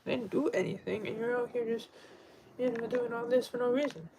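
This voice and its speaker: A man's voice: very high voice, brisk, noisy background. A man on a casual livestream, rambling with many fillers and restarts, upset and pleading.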